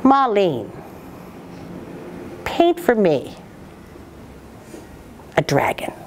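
Woman storyteller doing a greedy emperor, bossy then begging, pitch leaping around. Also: big pitch swings, slow pace, a little hiss or hum. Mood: stern. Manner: commanding, then pleading and eager. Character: greedy demanding male emperor.

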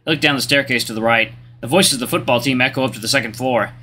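A man's voice: medium pitch, fast talker, sharp tone, faint music behind. A man hosting a gaming channel, reading a story game's narration aloud in a let's play.

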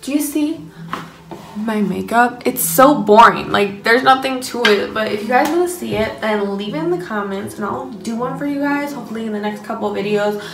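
A woman's voice: fairly high pitch, normal speed, roomy sound, background noise. A young woman talking casually to her phone camera at home, chatty and upbeat, with lots of fillers. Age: young adult. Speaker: vlogger, young mother. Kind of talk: casual vlog chat. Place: home indoors.

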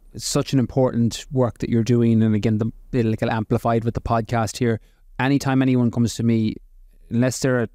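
A middle-aged man hosting a podcast, a fitness coach talking in a fast, emphatic and affirming way. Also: mid-range voice, mellow, no room sound, studio quality. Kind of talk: casual podcast conversation.

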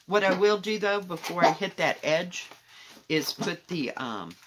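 A woman casually showing her cross-stitch projects at home, rambling candidly with soft muttered asides. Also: on the low side, animated, unhurried, noisy background. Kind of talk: casual show-and-tell chat.

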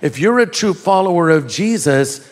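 A man's voice: high voice, animated, moderate pace, long reverb tail. An older man preaching a sermon as a pastor, telling folksy stories with laughter and emphatic repetition.

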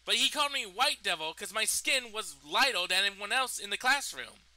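Fairly quick and lively, this young man's high voice sounds pushed and bright as he indignantly recounts a personal story in his vlog, swearing freely. There's no echo, though the recording quality is low.

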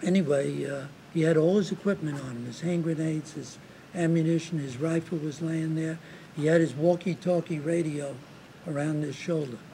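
An older veteran in his seventies tells his war story in an interview. He speaks haltingly and often repeats words as he restarts. His voice is raspy and gravelly, with a dark, mellow tone and a faint hiss behind it. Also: on the high side, steady tone, rough recording. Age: 70s. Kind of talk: recounting war memories in an interview.

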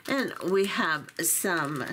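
Lady going thru a bead box real slow, kinda low voice, lots of ums, pokes fun at herself. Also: lively intonation, fairly bright tone, slight background noise. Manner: chatty, self-deprecating, lots of fillers. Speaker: beading channel host. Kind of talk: unboxing walkthrough, casual chat.

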